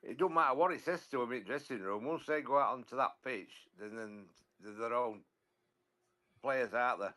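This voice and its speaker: A man chatting about football on a podcast, often halting and repeating words as he talks. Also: mid-range voice, bright, forceful tone. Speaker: podcast regular, football fan. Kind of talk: casual football chat.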